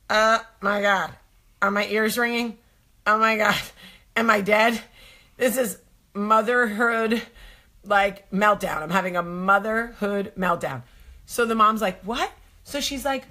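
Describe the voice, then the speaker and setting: A woman host telling a story in a casual, animated way, acting out the voices and swearing freely. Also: mid-range voice, moderate pace.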